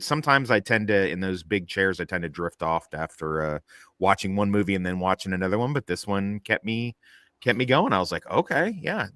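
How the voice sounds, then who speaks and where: A man chatting casually about a film he saw, rambling and animated with lots of fillers and restarts. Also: lowish voice, no echo, studio quality. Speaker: panelist. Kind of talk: casual film review chat.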